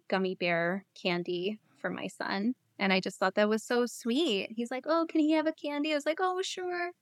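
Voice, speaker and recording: Smooth-voiced woman, reflective and candid. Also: mid-range voice, no echo, studio quality. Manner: reflective, unhurried, with soft hesitations. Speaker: interview guest. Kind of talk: candid personal storytelling.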